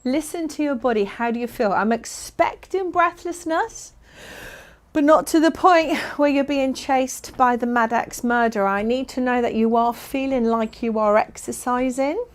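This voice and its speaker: A woman's voice: fairly high pitch, moderate pace. A woman leading a fitness class, giving upbeat, encouraging and playful instructions. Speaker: exercise instructor.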